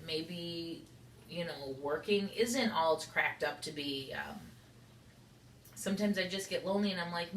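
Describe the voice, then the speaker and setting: Speaking at normal speed in a lowish voice, a young woman vlogs an unedited confession, rambling and candid with frequent use of "like." There's slight background noise and the room echoes.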